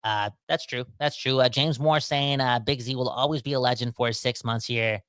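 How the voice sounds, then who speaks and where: Rambling podcast host, bright dry voice. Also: male voice, medium pitch, moderate pace, clear, resonant tone, dry recording. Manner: rambling, self-interrupting, animated. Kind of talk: casual sports podcast talk.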